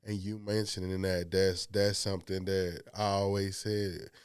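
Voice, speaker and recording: Relaxed male co-host who talks loosely; low, clear voice, dry recording. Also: a little slow, no echo. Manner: loose, filler-heavy phrasing. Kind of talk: casual interview chat.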